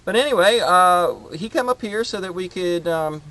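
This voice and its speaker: A man's voice: high voice, lively intonation, pushed and bright. A man hosting his homestead channel, chatting casually outdoors in his garden and rambling with lots of fillers. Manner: rambling, halting with many fillers.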